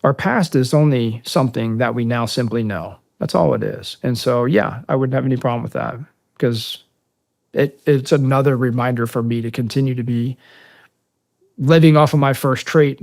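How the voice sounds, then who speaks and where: A man's voice: mid-range voice, normal speed, vocal fry, darkish tone. A middle-aged American man, a military veteran, telling war stories in a casual interview, with many fillers and acted-out dialogue. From United States. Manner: conversational, many fillers, acts out quoted dialogue.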